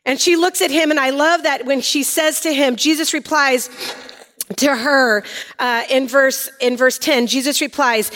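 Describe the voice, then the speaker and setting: Chatty high-voiced woman teaching the Bible. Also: a little slow, big-room sound. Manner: chatty and animated, acting out quotes with sass.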